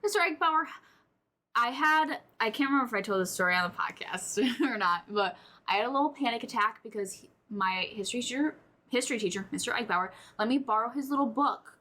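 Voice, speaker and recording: A young woman co-hosting a casual podcast, excitable and jokey, swearing freely as she chats. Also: fairly high pitch, fast talker. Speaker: podcast co-host. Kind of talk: casual chat.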